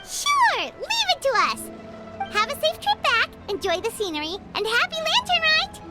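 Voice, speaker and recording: A woman voicing a tiny, eager and excitable fairy-like companion in a video game, talking of herself in the third person. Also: very high-pitched, moderate pace, full character voice. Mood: cheerful. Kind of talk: game voice acting. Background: loud music.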